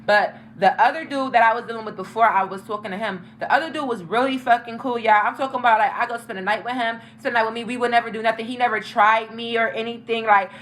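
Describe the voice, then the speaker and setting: A woman's voice: on the high side, fast talker, hardly any pauses, fairly bright tone, a little hiss or hum, rough recording. A young woman hosting a casual storytime vlog, talking frankly and emphatically with lots of profanity. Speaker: tarot channel host.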